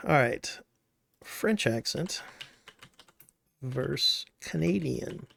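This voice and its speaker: A man's voice: medium pitch, creaky, no echo. A man streaming a game live, chatting casually, rambling and joking, swearing now and then at the game. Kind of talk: casual livestream chat.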